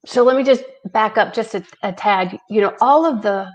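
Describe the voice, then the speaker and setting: A woman at a middle pitch recounts anecdotes in a relaxed interview. She slips into the voices of the people she quotes and keeps the talk lively and personal. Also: moderate pace, rough recording. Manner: animated anecdotes, acting out quoted dialogue. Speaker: charity founder, guest. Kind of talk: conversational storytelling interview.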